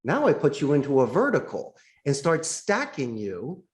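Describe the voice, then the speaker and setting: A man, a call center boss, explaining sales phone tactics with enthusiasm and acting out calls in bright voices. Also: a little high, wildly swooping pitch, normal speed. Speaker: call center CEO, interview guest. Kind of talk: animated sales coaching talk. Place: in Costa Rica.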